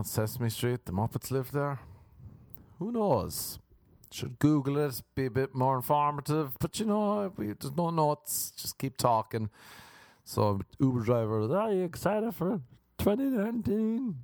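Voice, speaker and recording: A man's voice: medium pitch, vocal fry, darkish tone, dry recording, clean studio sound. A man hosting a solo podcast, rambling off the cuff in a crude, jokey way with playful put-on voices. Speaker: podcast host. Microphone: microphone into laptop.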